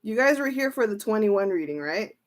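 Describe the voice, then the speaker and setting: A woman tarot reader in a casual livestream, excitable, exclaiming and repeating herself as she reads cards. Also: medium pitch, fairly quick.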